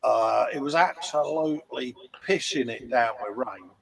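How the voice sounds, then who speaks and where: A man's voice: medium pitch, moderate pace, vocal fry, husky, dry recording, rough recording. An English man telling jokey stories and laughing in casual banter. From England. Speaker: guest on a live stream.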